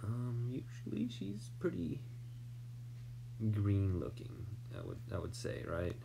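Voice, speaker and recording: A man's voice: lowish voice, big pitch swings, takes it slowly, vocal fry, background noise. An American man thinking aloud while he draws, mumbling, trailing off into near-whispers and tossing in self-deprecating asides. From United States. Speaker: artist drawing on stream.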